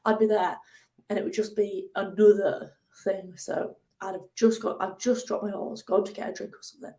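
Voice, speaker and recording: A young woman in her twenties, a guest talking through a personal story in a relaxed interview. Her telling is chatty and vivid, and she slips into higher, animated bursts when she acts out her own outbursts. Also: moderate pace. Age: 20s. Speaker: guest, ocean rower.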